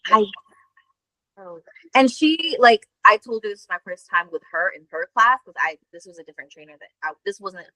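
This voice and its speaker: A woman co-host tells a story in loose, casual chat. Her voice is bright and the sound is dry and close. She talks in an animated way, with lots of fillers and swearing. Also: medium pitch, normal speed, dry recording, rough recording. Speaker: podcast co-host.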